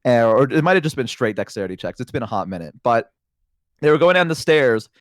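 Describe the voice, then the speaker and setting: Brief: male guest streamer, mid-pitch, dry sound, rambling animated storyteller with self-conscious asides. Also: fast, no room sound. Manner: animated storyteller, acts out characters' voices. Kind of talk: casual storytelling on a chat stream.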